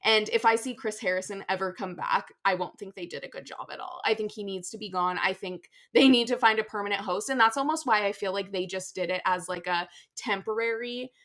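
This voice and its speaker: A young woman co-hosting a casual chat show, tired and talking in an animated way with many fillers and restarts. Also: mid-range voice, fairly quick, hardly any pauses. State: tired after a vaccine. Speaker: podcast co-host.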